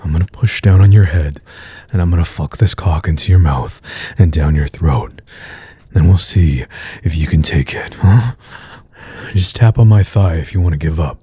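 A man voicing a dominant, teasing adult man in an audio role-play, murmuring low taunts with breathy grunts. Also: normal speed, warm tone, no room sound. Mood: taunting.

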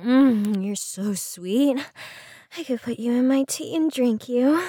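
A woman in an intimate audio role-play, talking in a soft, coaxing, affectionate way, with hums, sighs and moans drawn out between her words. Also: on the high side, no room sound, studio quality. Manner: slow, lingering delivery drawn out on hums.

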